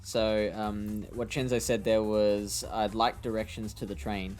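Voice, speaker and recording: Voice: medium pitch, little pitch movement, a little slow, a little mellow, faint music behind. A stream host chatting casually, laughing often and talking with a lot of fillers. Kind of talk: casual chat on a game stream.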